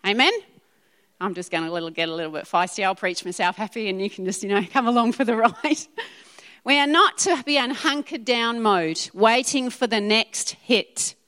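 A woman preaching to a congregation in a church hall, her somewhat high voice carrying a long reverb around her. She drives her points home with emphatic repetition and asks the room for agreement. Her delivery is animated and direct. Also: normal speed. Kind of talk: sermon.

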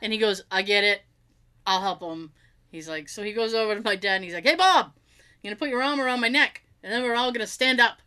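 A woman's voice: medium pitch, fast, pushed and bright, smooth. A middle-aged woman telling a funny family story in casual chat, acting out the quotes and laughing often.

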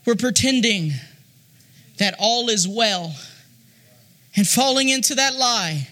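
A man preaching a sermon in a rising, sing-song cadence that swells into shouted, half-sung lines. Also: very high voice, takes it slowly.

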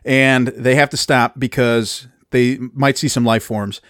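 A man's voice: medium pitch, steady tone, unhurried, fairly bright tone, no echo, studio quality. A man casually recapping a movie plot on a podcast, rambling, self-deprecating and laughing often. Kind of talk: casual chat.

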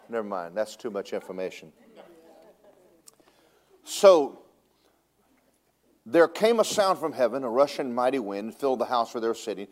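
A man preaching from the pulpit, swinging from booming declarations to hushed, confiding asides. He tells humorous stories and chuckles at his own jokes, his voice rising and dropping as he goes. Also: normal speed, long pauses. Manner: animated, shifts from loud preaching to hushed asides. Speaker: pastor. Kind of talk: sermon.

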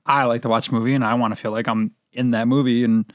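A man's voice: mid-range voice, flat delivery, quick pace, dry recording, studio quality. A man in a casual podcast chat, laid-back and full of fillers. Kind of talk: casual movie discussion.

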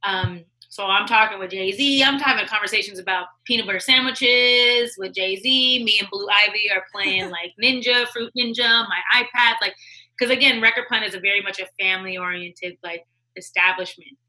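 Bright-voiced woman telling stories. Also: medium pitch, moderate pace, rough recording. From United States. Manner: animated, acts out quoted voices, laughs often. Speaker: guest, music executive. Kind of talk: casual interview storytelling.

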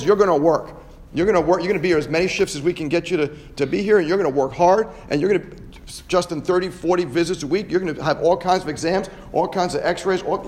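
A man hosting a podcast, giving an emphatic motivational talk to students and ending many phrases with "right?". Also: high voice. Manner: emphatic, repeats "right?" often. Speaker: podcast host and chiropractor.

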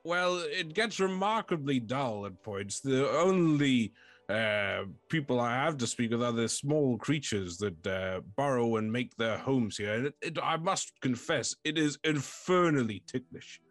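A man voicing a lonely, shy living fort with a genteel, old-fashioned, stammering manner, pitched well above his own voice. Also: lively intonation, measured pace, fairly bright tone, dry recording. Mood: eager. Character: lonely, shy talking fort, polite and fussy.

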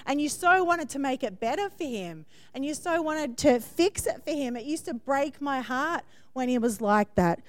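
Hardly pausing, a woman in her forties preaches in a high, expressive voice at a moderate pace. Her sermon is warm and conversational, full of laughs and frequent "yeah?" check-ins with listeners, and there's no room sound.

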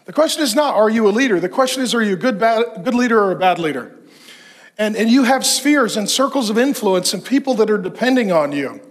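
A man's voice: sits high, animated, brisk. A middle-aged man preaching a sermon to men, emphatic, with rhetorical questions and long lists. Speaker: pastor.

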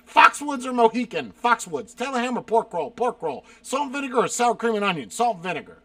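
A man's voice: very high-pitched, sing-song, a little fast, few pauses, fairly bright tone, dry recording. A man reading viewer questions aloud and firing back blunt, profane one-word answers in a casual stream chat. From South Carolina. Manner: reads questions aloud and answers bluntly, swearing, exasperated outbursts.

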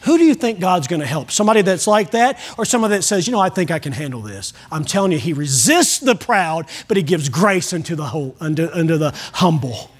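A man's voice: sits high, animated, fairly quick, few pauses. A man preaching a sermon as pastor, with a folksy, emphatic delivery that acts out prayers.

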